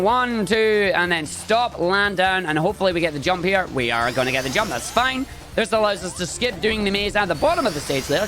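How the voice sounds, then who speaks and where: A man giving chatty, excitable, jokey live commentary on his own speedrun. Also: high-pitched.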